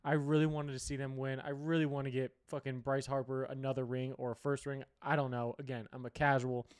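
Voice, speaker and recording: A man's voice: mid-range voice, level tone, brisk, smooth. A young man hosting a sports show, giving rambling, opinionated and profane picks in casual chat. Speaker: sports podcast host.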